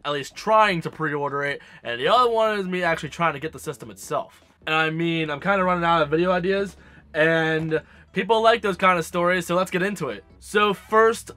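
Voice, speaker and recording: High, bright-voiced sassy young man. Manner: animated, sassy, swears freely. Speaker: gaming vlogger. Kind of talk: casual storytelling to camera.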